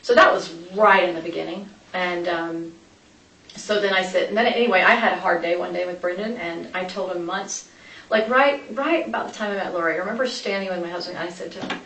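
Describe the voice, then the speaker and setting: A woman with a low, gravelly voice recounts events in a police interview, rambling and chatty and always jumping to the next thread. She sits at a distance from the mic in a roomy, echoing space. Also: a bit bright. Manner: rambling, chatty, quick to change course. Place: interview room. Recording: echoey room, distant mic, light noise.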